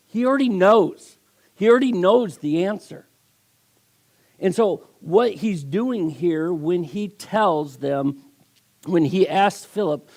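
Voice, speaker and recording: Male guest preacher, gravelly, a bit high, emphatic storyteller, sermon delivery. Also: lively intonation, measured pace, a little mellow. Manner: storytelling with acted voices, emphatic.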